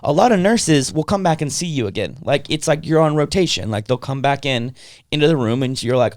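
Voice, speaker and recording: A young man telling a story on a podcast, slipping into quick impressions of the people in it and swearing now and then. His voice sits a little high. It's recorded close and dry, with no room sound. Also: expressive, darkish tone, no echo. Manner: swears casually, lots of fillers. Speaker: podcast co-host. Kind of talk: casual storytelling chat.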